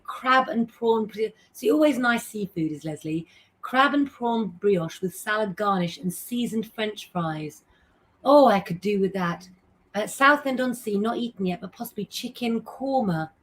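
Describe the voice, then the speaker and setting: Chatty woman reading live comments. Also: mid-range voice. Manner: chatty, reads out viewer names and messages, frequent ums. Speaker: astrologer and tarot reader hosting a live stream. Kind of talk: casual live-stream chat reading viewer comments.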